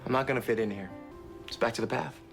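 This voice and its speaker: A man playing a quiet drifting young man. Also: medium pitch, quick pace, creaky, music in the background, close to an everyday voice. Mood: wistful.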